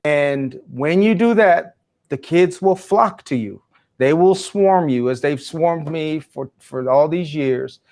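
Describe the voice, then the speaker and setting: A man's voice: on the high side, lively intonation, takes it slowly, darkish tone. A man who is a guest in an interview, an education speaker answering in a passionate, emphatic, preacherly way.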